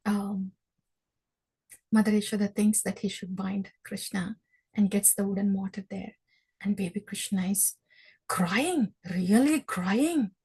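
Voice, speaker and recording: A woman teaching a scripture class who tells the story in an animated way and acts it out. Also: mid-range voice, slightly rough, low-quality recording.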